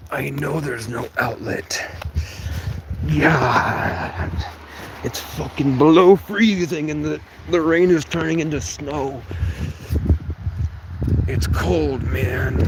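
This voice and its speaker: A man chats loosely to his livestream viewers from outside in the cold, drifting from one thought to the next and cursing casually. His voice sits at a middle pitch. A faint hiss of noise runs under the recording. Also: vocal fry. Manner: rambling, swearing, talks to chat, bursts into song and sudden shouts. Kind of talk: rambling late-night livestream chat. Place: outdoors at a tent in cold rain.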